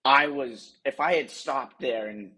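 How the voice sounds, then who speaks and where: Husky-voiced young man telling a rambling story. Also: mid-range voice, measured pace, bright, forceful tone, rough recording. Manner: rambling, self-correcting, laughs at himself. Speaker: podcast co-host. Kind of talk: casual chat, storytelling.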